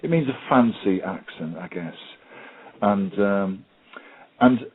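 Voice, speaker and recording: A man's voice: lowish voice, lively intonation, takes it slowly, husky. A man giving a webinar as a special needs technology trainer, hesitant with lots of ums and stories. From United Kingdom. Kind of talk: webinar presentation. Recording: tinny phone-like line.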